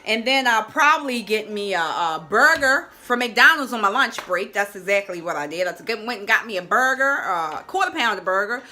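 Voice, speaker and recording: A middle-aged woman, a health coach, telling a personal story to her listeners in an expressive, chatty way and calling them "y'all". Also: mid-range voice, normal speed, few pauses, faint music behind.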